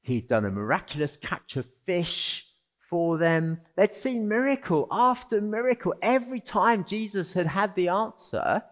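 Slow, lively preacher. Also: male voice, sits high. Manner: animated, conversational, rhetorical questions. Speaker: pastor. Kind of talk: sermon.

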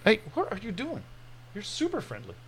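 A man's voice: high voice, wildly swooping pitch, moderate pace, fairly bright tone, breathy edge, pitched above the performer's own voice, exaggerated voice, poor audio. A man voicing a swaggering tough-guy cat who acts like a gangster boss, with cursing bravado. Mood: tough, menacing.

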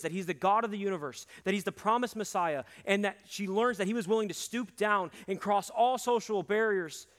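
Earnest young preacher in a big echoing hall. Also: male voice, a bit bright. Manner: earnest, emphatic, dropping low for key points. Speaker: campus ministry preacher. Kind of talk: sermon. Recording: long hall reverb.

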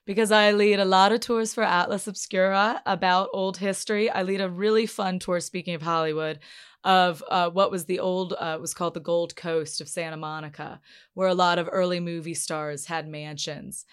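A woman's voice: lowish voice, level tone, normal speed, clear, resonant tone. A young woman from North Carolina with an unplaceable, faintly Mid-Atlantic accent, talking casually and wryly as a podcast host, laughing often. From North Carolina, USA. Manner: chatty, laughs often, wry. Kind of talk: casual interview.

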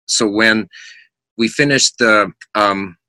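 A middle-aged man, a musician guest, telling lively anecdotes in casual chat and acting out the voices of people in them. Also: fairly low pitch, takes it slowly, no echo. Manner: animated anecdotes with quoted voices.

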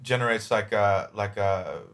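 A man co-hosting a casual podcast chat, halting and repeating words, with lots of "like" and "um". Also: lowish voice, fairly bright tone.

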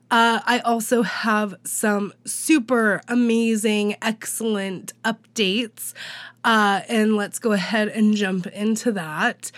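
A woman's voice: a little high, no room sound. A woman hosting a podcast while sick with a cold, her voice nasal, chatty and self-deprecating as she reads out news. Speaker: podcast host. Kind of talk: casual podcast news update.

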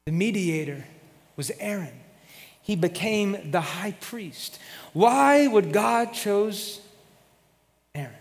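A man preaching a sermon as pastor, retelling a story with lively acted-out voices. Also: high-pitched, takes it slowly, vocal fry, long pauses, big-room sound. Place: church sanctuary.

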